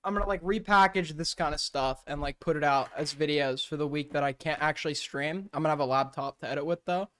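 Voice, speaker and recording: A man's voice: on the high side, fast, few pauses, fairly bright tone, clean tone, dry recording. A man streaming, giving casual amused commentary on a roleplay clip, laughing and rambling with fillers. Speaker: streamer reacting to clips.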